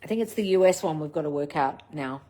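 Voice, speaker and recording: Speaking fast in a low, mellow voice with lively intonation, this livestream host reads viewers' comments aloud and replies in a blunt, scolding, coach-like way. Swearing is frequent in her casual live chat.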